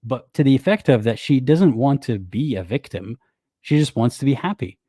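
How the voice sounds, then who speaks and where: Sarcastic guy doing reaction commentary, mellow voice, mocking, dry close sound. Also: medium pitch, lively intonation, moderate pace, slightly rough, dry recording. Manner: sarcastic and mocking, quotes others in exaggerated voices. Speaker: commentary host.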